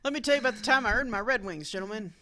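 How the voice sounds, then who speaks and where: A woman's voice: fairly high pitch, expressive, very fast, pushed and bright. A woman voicing a crude, swaggering man bragging to his friends. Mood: boastful.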